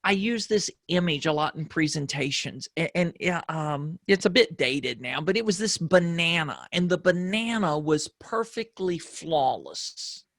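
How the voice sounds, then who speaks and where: A man whose voice sits higher than most men's, telling stories in a reflective, casual conversation as a podcast guest. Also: big pitch swings, unhurried, hardly any pauses, fairly bright tone, no room sound, clean studio sound. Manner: reflective storyteller.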